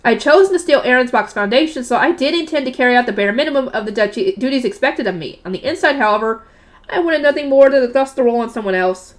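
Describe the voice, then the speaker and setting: A young woman reading a novel aloud and breaking off into chatty, loud reactions and questions to her audience. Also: sits high, expressive, fast talker. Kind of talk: book reading with casual commentary.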